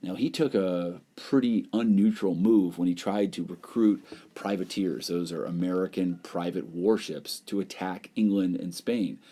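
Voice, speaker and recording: A man's voice: low-pitched, moderate pace, warm tone, breathy edge. A man teaching a recorded history lesson over whiteboard slides, explaining in a loose, conversational way with plenty of "you know" and "um".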